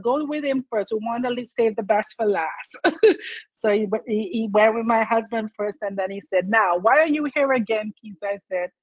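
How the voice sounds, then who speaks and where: A woman's voice: mid-range voice, dry recording. A woman telling her own story in a chatty, storytelling way, laughing often and acting out what other people said. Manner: chatty, laughs often, acts out quoted voices. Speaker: client giving a testimonial. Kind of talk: casual personal storytelling. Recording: dull dry lo-fi sound.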